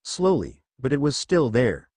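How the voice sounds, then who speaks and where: A man narrating a fan fiction story in an animated reading voice. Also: medium pitch, a little slow, slightly rough, dry recording, clean studio sound. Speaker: fanfiction reader.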